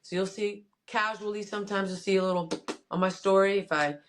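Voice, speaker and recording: A woman's voice: medium pitch, fairly even intonation, a little fast, slight background noise. Joking, easygoing woman boxer, interview guest. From Miami. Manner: joking, easygoing, self-promoting. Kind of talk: casual interview chat.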